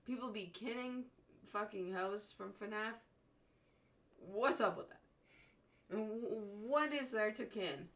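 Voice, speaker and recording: A young woman co-hosting a casual chat, animated, laughing often and swearing constantly. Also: mid-range voice, takes it slowly, long pauses. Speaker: podcast co-host.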